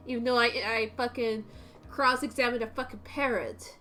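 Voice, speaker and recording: A woman streamer with a high voice makes sarcastic, swearing asides over a game. She talks casually between the characters she voices. Faint music plays underneath. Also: fairly even intonation, normal speed, pushed and bright.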